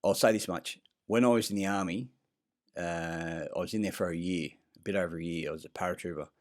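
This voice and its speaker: A man's voice: low-pitched, fairly quick. A man talking in a rambling vlog monologue, blunt and profane, full of fillers and restarts. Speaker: vlogger. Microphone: self-recorded clip.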